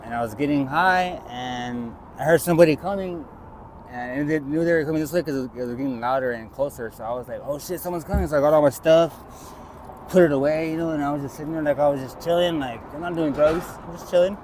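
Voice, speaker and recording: A man's voice: a little high, fast, a little mellow. A man being interviewed on the street, telling a rambling personal story and acting out what others said. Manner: rambling, acts out quoted voices. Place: outdoors by a street with traffic. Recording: outdoor street noise and traffic.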